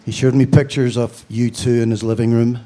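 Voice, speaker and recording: A man's voice: medium pitch, little pitch movement, a little fast, mellow. A man from Belfast with a Northern Irish accent, giving a eulogy with dry, storytelling humor. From Belfast, Northern Ireland. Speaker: funeral speaker.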